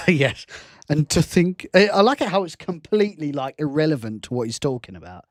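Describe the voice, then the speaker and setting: Lively, chatty man. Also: fairly high pitch, brisk, dry recording, clean studio sound. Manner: rambling, chatty, self-deprecating, laughs often. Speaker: fan film director and game streamer. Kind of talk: casual gameplay commentary.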